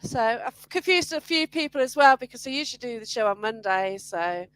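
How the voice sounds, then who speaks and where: Slightly high woman host. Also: lively intonation, a little fast, smooth, no room sound, rough recording. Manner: warm asides, hesitant restarts. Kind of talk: casual interview chat.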